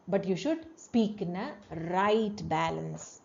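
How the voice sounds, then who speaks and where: A woman's voice: lively intonation, slow, creaky, muffled recording. A woman teacher giving a classroom lecture, explaining terms with frequent checks like "you know" and demonstrating tones with her voice. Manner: demonstrates tones by swinging her pitch and loudness.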